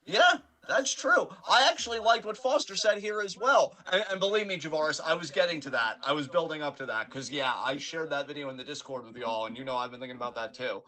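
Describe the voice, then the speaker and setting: Man, podcast co-host, casual chat, bright voice, a bit high, animated. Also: fast talker, few pauses, low-quality recording. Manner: animated, acts out quotes in character voices. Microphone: remote call mic.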